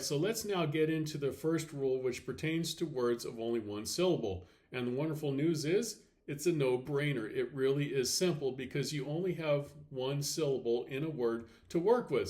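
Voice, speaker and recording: A man teaching a recorded slide lesson, explaining step by step, checking in with "okay" and saying example words slowly and deliberately. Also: medium pitch. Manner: clear step-by-step explaining with frequent okays. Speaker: Latin teacher.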